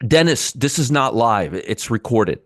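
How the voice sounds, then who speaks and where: A man's voice: medium pitch, very animated, a little slow, no room sound, studio quality. A man hosting a live trading show, giving blunt, sarcastic market commentary and bantering with chat viewers. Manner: blunt, swears freely.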